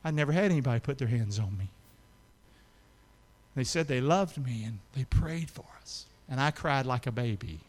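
A middle-aged man preaching a sermon as pastor, calling out questions to his congregation and rising to shouts. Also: medium pitch, animated, moderate pace. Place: church sanctuary. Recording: long hall reverb.

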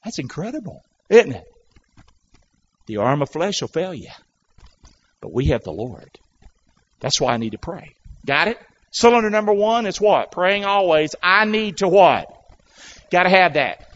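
A man's voice: high voice, very animated, unhurried, pauses often, a bit bright. A male pastor, preaching a sermon in a church and coaxing the congregation to repeat phrases back in call and response. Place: church sanctuary. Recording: dull lo-fi sound.

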